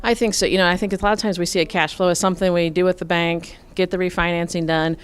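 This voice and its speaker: A middle-aged woman from Nebraska answering interview questions about farm finances in a measured, explanatory way, with frequent fillers. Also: on the low side, little pitch movement, clear, resonant tone. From Nebraska, USA. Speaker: farm finance expert, guest.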